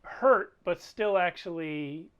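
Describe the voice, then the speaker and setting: A man with a slightly raised pitch runs a tabletop game at a slow, deliberate pace. He talks through rolls and rules as he goes, pausing to think. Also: smooth, highs cut off. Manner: unhurried, thinks aloud over rules. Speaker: game master.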